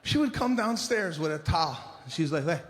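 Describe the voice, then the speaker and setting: A man doing stand-up comedy, telling stories in an animated, exasperated way. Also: a little high, brisk, long reverb tail.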